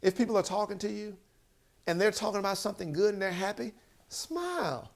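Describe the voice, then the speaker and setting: Man, motivational speaker, emphatic, numbered points, fairly high voice. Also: expressive, fairly quick, gravelly. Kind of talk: motivational talk.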